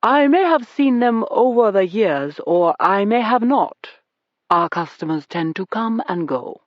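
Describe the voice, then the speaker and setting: Audiobook: reader doing a deep-voiced British club owner, smooth and evasive, middle pitch, dry lo-fi sound. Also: lively intonation, a little slow, no room sound, close to an everyday voice. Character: suave male club owner, cheerful, evasive. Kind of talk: audiobook character reading. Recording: dull dry recording.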